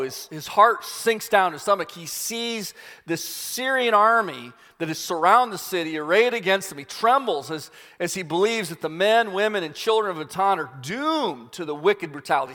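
A preacher retells a story with lively, dramatic delivery, in a voice a little higher than average for a man. His words carry a long reverb from a large hall. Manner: animated storyteller, acts out scenes. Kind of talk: sermon storytelling.

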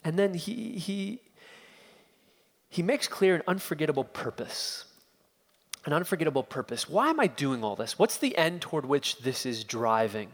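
A man's voice: a little high, big pitch swings, moderate pace, in a large hall. A man preaching an expository sermon, emphatic and building his points through repeated phrases.

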